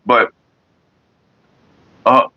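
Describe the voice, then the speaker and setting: A man hosting a casual livestream, rambling and swearing freely while greeting viewers in the chat, on a headset mic. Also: extremely slow. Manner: laid-back, profane and rambling. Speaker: livestream host. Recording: slightly dull lo-fi audio.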